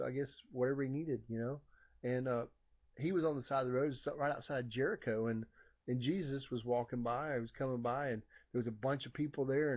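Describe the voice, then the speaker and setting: Casual male lay preacher, mid-pitched, loose rambling delivery with fillers, slightly muffled lo-fi recording. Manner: rambling, many fillers and restarts, acts out voices loudly. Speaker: lay preacher sharing a Bible story. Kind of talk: casual informal sermon.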